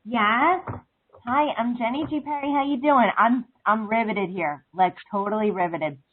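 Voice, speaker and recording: Woman, caller, casual rambling chat, husky voice, tinny phone sound. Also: fairly high pitch, normal speed. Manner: rambling, full of "like" and "um". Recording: phone line.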